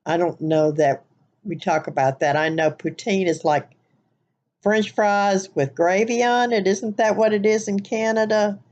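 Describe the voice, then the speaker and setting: Slow-talking Southern US woman vlogger. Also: mid-range voice, darkish tone, highs cut off. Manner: chatty, rambling, with many fillers. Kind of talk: casual accent tag vlog.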